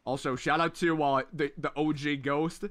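A man's voice: a little high, steady tone, normal speed, a bit bright. A young man hosting a mobile shooter livestream, chatting casually with viewers and repeating phrases over and over as he plays. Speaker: livestream gamer host. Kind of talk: casual live game commentary. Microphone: headset.

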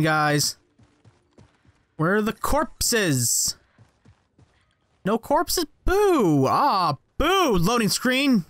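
A man giving casual let's-play commentary, excitable and joking, swearing often. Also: high-pitched, no room sound. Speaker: gaming channel host.

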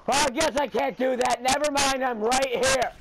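Hoarse man gamer, shrill and gravelly, screaming over loud background noise. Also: steady tone, normal speed. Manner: screaming, swearing, frantic outbursts. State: strained hoarse throat from yelling. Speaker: gamer playing online with friends. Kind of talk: loud gameplay party chat.

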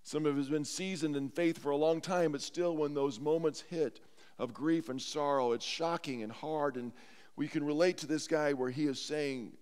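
A man's voice: fairly high pitch, steady tone, moderate pace, darkish tone, smooth. A man preaching a sermon as pastor, earnest and heartfelt, in a church sanctuary. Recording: long church hall reverb.

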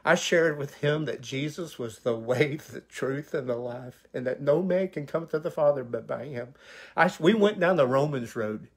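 A man's voice: mid-range voice, moderate pace, breathy edge. A male pastor telling his personal testimony, an emotional, vivid retelling full of quoted dialogue.

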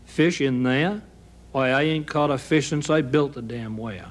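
A man's voice: medium pitch, measured pace, natural voice. A man voicing a blunt, defiant fisherman. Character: gruff stubborn Maine fisherman, adult man.

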